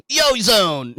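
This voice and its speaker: A man on a podcast mic, talking in loose banter that keeps breaking into laughter and curse words. His voice sits a little high and swings wildly up and down. The sound is close and dry. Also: dry recording. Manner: animated, laughing, heavy swearing. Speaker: podcast co-host.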